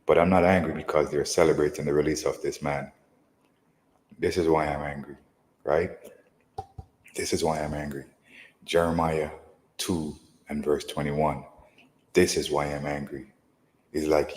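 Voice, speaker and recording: A man's voice: very deep voice, measured pace, pauses often, darkish tone, in a large hall, poor audio. A man teaching from scripture in an emphatic, repetitive way, often asking "right?". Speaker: preacher. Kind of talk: scripture lesson.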